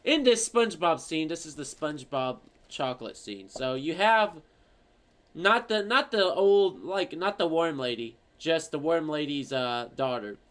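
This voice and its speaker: Animated young man ranting on stream. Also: a little high, unhurried. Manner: rambling, profane storytelling. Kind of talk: casual stream chat.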